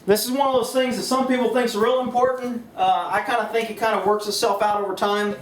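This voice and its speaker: High-voiced folksy American man, echoey room. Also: little pitch movement, a little fast, recorded from a distance, slight background noise. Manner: folksy, rambling, with laughs and self-asides. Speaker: firearms instructor. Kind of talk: casual instructional talk. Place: indoors, shooting range building.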